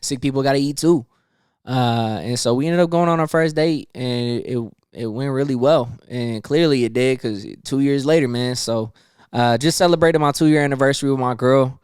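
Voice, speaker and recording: A man's voice: medium pitch, moderate pace, a little mellow, clean tone, no room sound, studio quality. Profane, fired-up young male podcast host. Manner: profane, heated, slangy ranting. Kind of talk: casual news commentary rant.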